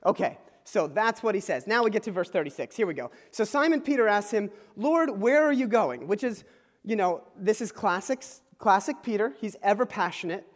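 A man's voice: high-pitched, expressive, fairly quick. A man preaching a conversational sermon, informal and explanatory, checking in with his listeners and chuckling as he explains. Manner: informal, checks in with "okay?" asides. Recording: long hall reverb.

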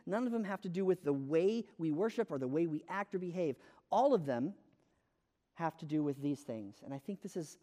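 A man's voice: sits high, mellow, big-room sound. An American man preaching a sermon in a conversational, self-deprecating storytelling way, with frequent fillers. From United States.

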